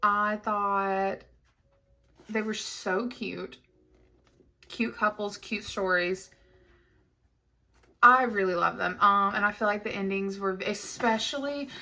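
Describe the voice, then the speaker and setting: A woman book vlogger in casual chat to the camera, chatty and animated, gushing over her reads. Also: medium pitch, normal speed.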